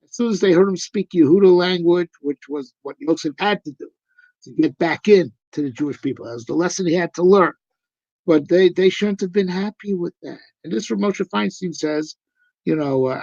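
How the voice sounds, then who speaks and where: A man's voice: a little high, a little fast, creaky, a little mellow, dry recording. A male rabbi giving a live, conversational discourse on Torah, emphatic and full of rhetorical questions. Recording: dull lo-fi recording.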